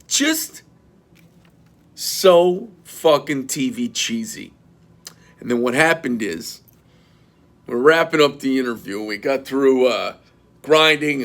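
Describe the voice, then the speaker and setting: A middle-aged man, a knife company owner, telling a story in a blunt, profane and animated rant. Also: mid-range voice.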